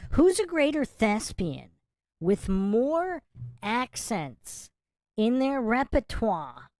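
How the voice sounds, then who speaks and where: A man's voice: high voice, a little mellow, dry recording, studio quality. A man hosting a live podcast Q&A in a casual, chatty way, laughing between remarks. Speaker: podcast host. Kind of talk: casual livestream commentary.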